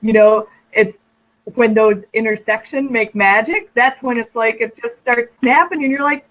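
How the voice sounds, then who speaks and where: Woman podcast host, fairly high voice, affirming tone, dull lo-fi remote sound. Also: moderate pace. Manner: encouraging, affirming with "right?" and "you know". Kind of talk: casual podcast chat.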